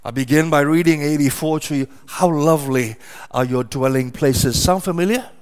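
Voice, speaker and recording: A man's voice: fairly high pitch, normal speed, smooth. A middle-aged man preaching a sermon, emphatic and repetitive, asking rhetorical questions and answering them.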